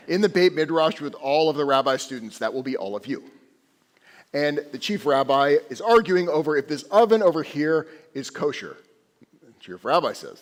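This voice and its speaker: A man giving a sermon as a rabbi, an animated, conversational storyteller speaking in a synagogue sanctuary. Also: mid-range voice, brisk. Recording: echoey sanctuary.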